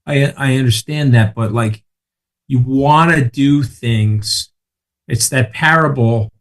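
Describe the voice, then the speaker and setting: Man, mid-range voice, blunt and profane storyteller, rapid asides, podcast guest. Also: mid-range voice. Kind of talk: casual chat.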